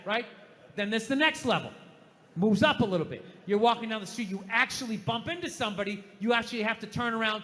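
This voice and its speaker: High-voiced ranting stand-up man in an echoey hall. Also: brisk. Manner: animated ranting with sudden shouts. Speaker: stand-up comedian. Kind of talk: stand-up storytelling. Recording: echoey hall, faint ambience.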